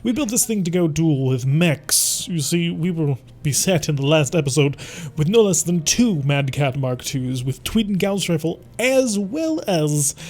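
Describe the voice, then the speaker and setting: Playing a strategy game, this commentator has a slightly high, somewhat mellow voice. He's playful and theatrical in his let's-play commentary and talks to the enemies.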